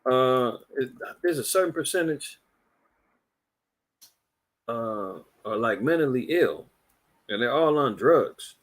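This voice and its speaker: A man's voice: medium pitch, animated, slow pace, pauses often. A man hosting a religious commentary podcast, talking in an indignant, preachy way and rambling with repeated words. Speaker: podcast host.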